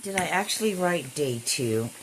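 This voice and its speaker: A woman's voice: low-pitched, expressive, moderate pace, slight background noise, rough recording. A middle-aged woman talking casually into her phone camera, blunt and given to swearing, audibly irritated. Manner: blunt, swears freely, talks to herself. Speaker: vlogger. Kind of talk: casual vlog.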